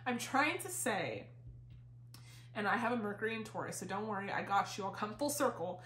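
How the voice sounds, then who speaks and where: Her mid-range voice is animated and fairly bright, at a moderate pace, with a little hiss or hum in the background. She rambles through a tarot reading with many fillers and casual swearing, sounds a bit out of breath throughout, and the room adds a noticeable echo.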